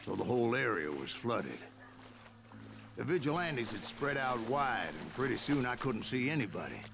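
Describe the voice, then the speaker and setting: An actor playing a gruff older cowboy bounty hunter narrating his story, in a slow measured drawl. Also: mid-range voice, sing-song, music in the background. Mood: grim. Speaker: game narrator.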